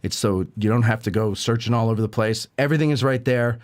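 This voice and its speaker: A man's voice: mid-range voice, fast talker. Rambling man hosting a casual show. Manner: rambling, unsure, many fillers. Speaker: radio show host. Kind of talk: casual chat.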